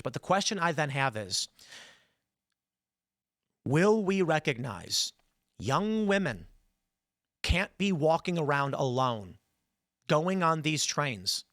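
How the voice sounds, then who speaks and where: A man's voice: fairly high pitch, a bit bright, dry recording, clean studio sound. A man hosting a podcast, telling a story and giving heated commentary, angry and swearing as he talks. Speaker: podcast host.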